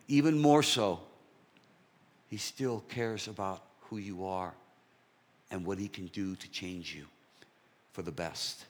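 A man giving a sermon testimony, telling his story in an animated way and dropping to soft whispers. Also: lowish voice, takes it slowly, long pauses.

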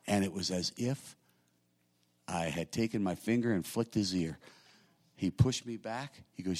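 A middle-aged male pastor delivering a sermon in a fairly low voice. He talks to the congregation in an easy, conversational way, then climbs into loud, emphatic bursts to drive a point home. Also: fairly quick. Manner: conversational preaching, swelling to loud emphatic peaks.

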